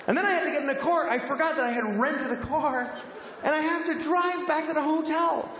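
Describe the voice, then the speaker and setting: A man's voice: very high-pitched, expressive, brisk, crowd noise. A man doing stand-up on a club stage, telling a rambling, exasperated, self-mocking story. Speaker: stand-up comedian. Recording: echoey hall with background noise.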